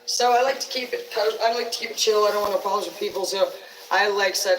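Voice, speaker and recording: A woman's voice: mid-range voice, fairly even intonation, fast, slight background noise. Cursing woman telling stories on a stream. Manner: profane, rambling, blunt. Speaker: livestream host. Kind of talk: casual storytelling on a livestream. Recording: roomy sound, distant from the mic.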